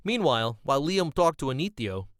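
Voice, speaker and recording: A man narrating an amateur fantasy story in a plain, steady way. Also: fairly high pitch, brisk, clean tone, no room sound, poor audio.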